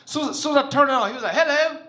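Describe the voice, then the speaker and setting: A male comedian works a club stage with a bright, high, swooping voice. His delivery is loose and profane, full of crowd work. The sound is roomy and live. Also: rapid-fire. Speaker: stand-up comedian. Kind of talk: stand-up comedy set.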